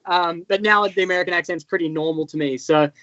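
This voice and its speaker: Speaking fast in a high, sharp-toned voice, a thirtysomething Australian man appears as a motocross rider guest and recounts his story in loose, filler-heavy interview chat. The recording is dry, with a dull lo-fi sound.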